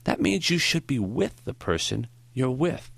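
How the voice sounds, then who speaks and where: A man voicing a frail, gentle old male professor in an audiobook, with a foggy, high-pitched voice and slow, earnest speech. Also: big pitch swings, gravelly, dry recording, exaggerated voice. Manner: slow, warm, earnest counsel. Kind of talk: audiobook character voice.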